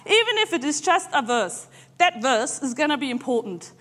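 A woman preaching in a relaxed, conversational way, often pausing on fillers as she gathers her thoughts. Her voice sits high. It rings out with the long reverb of a church hall. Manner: conversational, halting, many filler pauses. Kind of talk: informal sermon.

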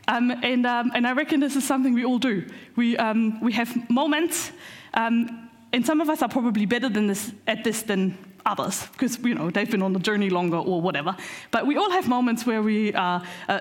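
A woman with a somewhat high voice talks through a sermon in a loose, conversational way. She hesitates often and fills her pauses with ums and uhs. Her delivery stays informal. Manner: conversational, hesitant with many fillers. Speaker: preacher.

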